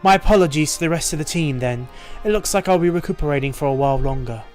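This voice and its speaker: A man's voice: fairly high pitch, expressive, fast, soft background music, close to an everyday voice. A man putting on a polite British healer. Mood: polite, worried. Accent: British, put on. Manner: soft, courteous and apologetic. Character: gentle young male healer, frail and polite. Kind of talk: voicing game dialogue.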